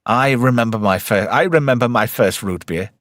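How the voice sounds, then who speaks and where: A man's voice: medium pitch, normal speed, fairly bright tone, no echo, clean studio sound. A man hosting a casual podcast chat, sweary, jokey and rambling. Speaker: podcast host.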